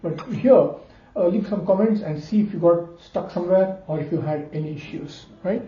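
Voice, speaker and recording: A man's voice: high voice, normal speed, pauses often. A man giving a casual ear-training lesson, talking between notes and humming the intervals back. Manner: talks between played notes, hums and sings intervals back. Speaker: music teacher. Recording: roomy lo-fi recording under loud guitar.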